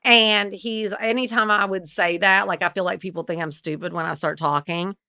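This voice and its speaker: A middle-aged woman with a thick Kentucky Southern accent talks in a bright, forward voice. She gushes and chats, often trailing off before finishing a thought. The sound is close and dry, with no room around it. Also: lowish voice, steady tone, normal speed, no room sound. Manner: gushing, chatty, trails off mid-sentence. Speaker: co-host. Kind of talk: casual podcast chat.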